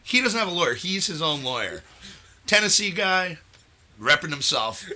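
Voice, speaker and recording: A man hosting a casual podcast, telling a story in an animated way with frequent laughs. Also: fairly high pitch, normal speed. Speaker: podcast host.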